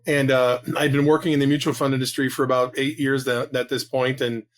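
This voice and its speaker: A man in his fifties, a real estate agent guest telling his story in a casual interview, rapid and animated with many restarts. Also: mid-range voice. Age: 50s.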